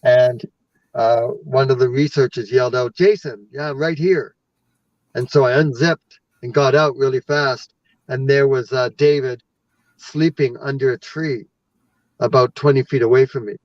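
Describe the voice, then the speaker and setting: A man from western Canada tells a lively story as a guest, acting out his own reactions along the way. His voice sounds distant from the mic and a bit muffled. The recording is dry. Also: medium pitch, normal speed, no echo. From British Columbia, Canada. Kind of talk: casual storytelling.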